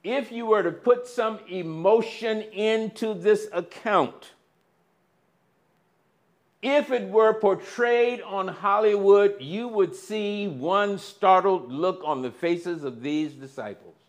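A man preaching a sermon, slow and deliberate, with dramatic swings between loud emphasis and near-quiet. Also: high-pitched.

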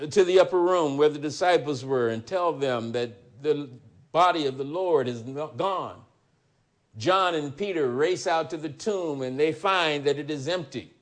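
Slow, high-pitched male preacher. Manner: reads scripture aloud with rising emphasis, then drops into quiet commentary. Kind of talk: sermon with scripture reading.

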